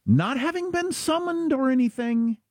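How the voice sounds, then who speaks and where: A middle-aged man from Kansas, chatting casually as an animated storyteller with quick asides. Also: very high voice, dry recording, clean studio sound. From Kansas, USA. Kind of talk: casual chat.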